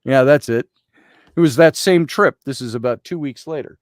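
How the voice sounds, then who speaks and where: Male guest storyteller, mid-pitched, animated, quotes others, dry close sound. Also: no room sound. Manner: reads aloud slowly from a journal. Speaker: guest, Egyptologist. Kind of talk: storytelling in a conversation.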